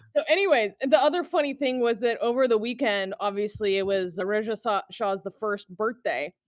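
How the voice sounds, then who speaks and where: A woman's voice: mid-range voice, normal speed, no room sound, clean studio sound. A young woman calling in, telling amused stories in a chatty, casual way full of fillers. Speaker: caller. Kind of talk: casual storytelling.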